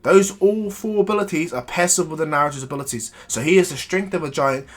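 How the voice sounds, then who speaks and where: A man's voice: a little high, fast talker, soft background music. A man casually telling an improvised fan story, rambling, restarting often and adding asides.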